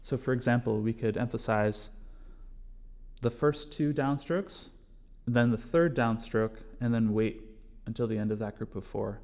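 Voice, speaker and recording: A man teaching a bodhrán class, patiently explaining strokes step by step and calling them out loudly as he plays. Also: medium pitch, steady tone, a little slow. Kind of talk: music lesson, counting along with drumming.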